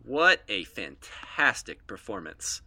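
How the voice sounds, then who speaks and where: A man's voice: on the low side, big pitch swings, takes it slowly, pushed and bright, no room sound. A man co-hosting a casual podcast, rambling with lots of "like" fillers. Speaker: podcast co-host. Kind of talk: casual chat.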